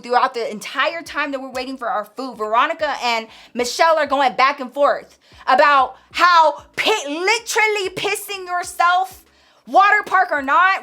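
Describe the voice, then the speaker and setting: A woman tells a story to her camera in a casual, gossipy way, full of slang and blunt swearing. Her voice sits high and sounds bright, and she jumps into her friends' voices as she retells what they said. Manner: animated gossipy retelling, acting out friends' lines. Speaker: vlogger.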